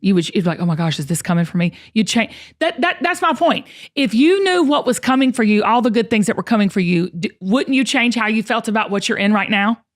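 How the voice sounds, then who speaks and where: A woman's voice: fairly high pitch, animated, fairly quick, hardly any pauses. A woman host, talking earnestly and encouragingly on her show. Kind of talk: podcast conversation.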